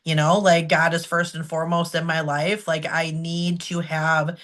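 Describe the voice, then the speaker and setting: A woman's voice: sits low, level tone, moderate pace, fairly bright tone. A woman in her forties, a podcast host, telling her own story in an open, emotional, chatty way. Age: 40s. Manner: open, emotional, conversational with frequent "like" fillers. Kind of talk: candid personal storytelling.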